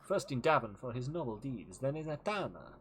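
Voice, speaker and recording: A man voicing a stately king who makes royal pronouncements in a slow, measured way. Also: medium pitch, big pitch swings, a bit bright. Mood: proud. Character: stately male king reading royal decrees.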